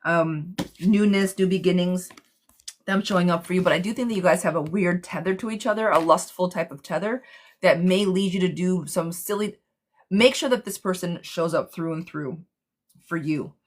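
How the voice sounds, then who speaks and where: A woman hosting a casual live tarot reading for viewers. She talks bluntly and excitably, using pet names and swearing. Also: lowish voice, normal speed.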